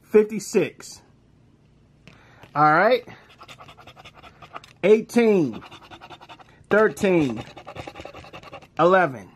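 A man, commenting casually as he scratches lottery tickets, reading numbers aloud in slang and breaking into excited shouts. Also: high-pitched, drawn-out words, pauses often, a little hiss or hum.

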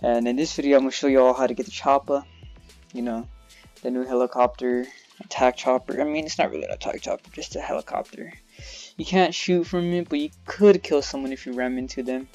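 A man's voice: medium pitch, fairly even intonation, a little fast, soft background music. A man giving casual gameplay commentary as a video host, rambling along, laughing at his own slips and filling gaps with "and yeah". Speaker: gaming YouTuber. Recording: game sounds loud behind the voice.

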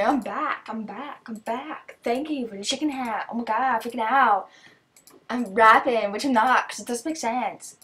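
A teenage girl chatting casually as she opens gifts, excitable, gasping and thanking over and over. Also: on the high side. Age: teens. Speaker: vlogger opening gifts. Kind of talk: casual chat.

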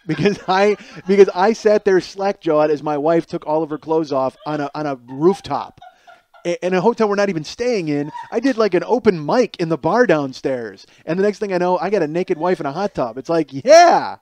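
A man in his forties, hosting a podcast, telling a comic story in a rambling, animated way with many restarts and acted-out quotes. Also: fairly high pitch, moderate pace. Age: 40s. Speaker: podcast host. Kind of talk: comedic storytelling monologue. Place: home kitchen.

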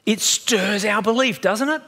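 A man's voice: high-pitched, a little slow. A man in his fifties with an Australian accent, a pastor preaching a sermon and telling chatty stories with laughs along the way. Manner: storytelling, animated and chatty, laughs at own stories.

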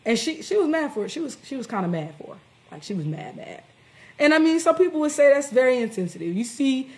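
A woman's voice: medium pitch, darkish tone. Blunt, candid woman hosting a livestream. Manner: candid and blunt, lots of fillers and restarts. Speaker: host. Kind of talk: casual livestream talk.

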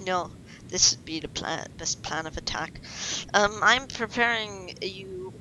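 Bright-voiced woman in playful gaming banter. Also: mid-range voice, animated, slight background noise, poor audio. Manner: playful, teasing, quick to complain. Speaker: let's play host.

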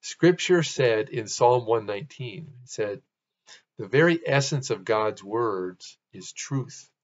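A man talks through a Bible teaching in a loose, conversational way, stopping to restart and fix his own words. His voice sits at an ordinary middle pitch. The recording sounds a little dull and lo-fi. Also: expressive, takes it slowly. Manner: conversational, restarts and corrects himself.

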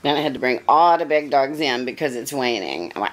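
Older woman in lively puppy baby talk. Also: fairly quick. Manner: high sing-song baby talk to puppies. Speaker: dog breeder talking to puppies. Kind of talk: casual vlog talking to puppies.

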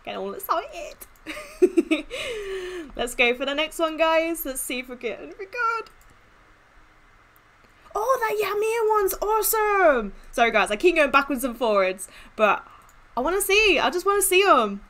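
A woman giving casual gaming commentary as she opens in-game chests, gushing and excitable. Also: extremely high pitch, a little slow, pauses often. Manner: excitable, gushing, squeals with delight. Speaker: gaming YouTuber.

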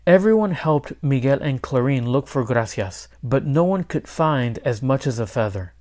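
A man's voice: medium pitch, lively intonation, moderate pace, darkish tone. Man reading a children's story aloud. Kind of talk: children's read-aloud narration.

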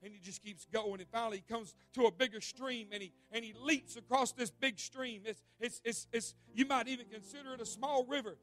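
A male pastor preaching an evening sermon in a church, telling a vivid story with repeated words and swinging from loud to hushed. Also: very high voice, fairly even intonation, a little fast, hardly any pauses. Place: church sanctuary.

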